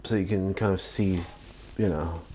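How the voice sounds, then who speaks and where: A tired man with a notably deep, low voice talks casually from his home hobby studio while he paints. He rambles in a self-deprecating way and keeps yawning. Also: steady tone, moderate pace, a little mellow, a little hiss or hum.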